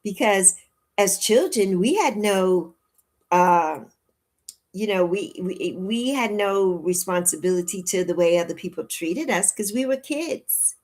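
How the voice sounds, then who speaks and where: A woman in her early sixties hosting a casual livestream, chatting warmly and repeating her phrases as she answers viewers' comments. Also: mid-range voice, animated, a little slow. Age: 60s. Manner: warm, chatty, repeats phrases, laughs often. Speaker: livestream host.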